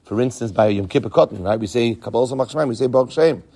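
A man's voice: mid-range voice, racing, dark tone, no echo. A man teaching a Talmud lesson with an Ashkenazi yeshiva pronunciation, chanting the Aramaic text and then explaining it in English. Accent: Yeshivish Ashkenazi Hebrew pronunciation.

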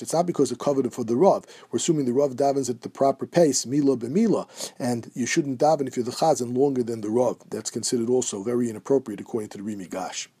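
Male teacher, husky and dark-toned, steady explanatory lecture delivery. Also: mid-range voice. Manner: steady explanatory, mixing Hebrew quotes with English. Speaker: Torah teacher. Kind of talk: halachic lecture.

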